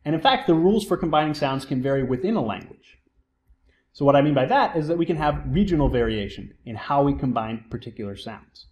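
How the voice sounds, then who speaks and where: A man's voice: medium pitch, darkish tone. A man giving a recorded psychology lecture, explaining terms step by step and often posing a question and then answering it himself. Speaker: psychology instructor.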